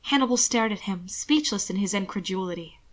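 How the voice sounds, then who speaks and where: A woman narrating fan fiction in a measured, expressive storytelling voice. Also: mid-range voice. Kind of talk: reading fan fiction aloud.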